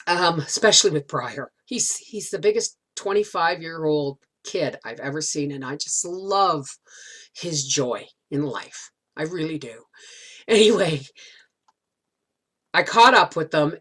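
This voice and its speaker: Chatty middle-aged woman, lowish voice. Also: a bit bright. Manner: chatty, rambling, many restarts. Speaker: homesteading vlogger. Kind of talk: casual storytelling to camera.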